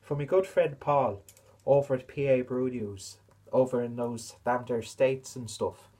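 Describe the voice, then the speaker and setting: Husky man in a put-on Irish accent. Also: mid-range voice, fairly even intonation, unhurried, warm tone. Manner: chatty, rambling, self-mocking. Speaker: beer reviewer. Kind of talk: casual beer review vlog.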